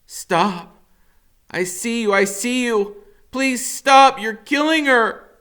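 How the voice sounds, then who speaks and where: A man voicing a desperate teenage boy who shouts frantically. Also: very high voice, slow pace, clean tone, voice pushed up, full character voice. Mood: frantic.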